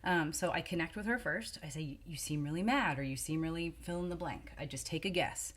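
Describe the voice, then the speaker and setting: A woman's voice: deep voice, fairly quick. A woman co-hosting a casual parenting chat, speaking in a chatty, hedging way with many fillers. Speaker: podcast co-host, mother.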